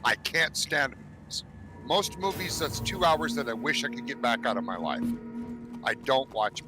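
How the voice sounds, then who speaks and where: A blunt, joking man chatting casually with friends while hosting a game stream. His voice sits at an ordinary pitch. Music plays clearly underneath him throughout. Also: normal speed, low-quality recording. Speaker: streamer host. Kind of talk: casual gaming voice chat.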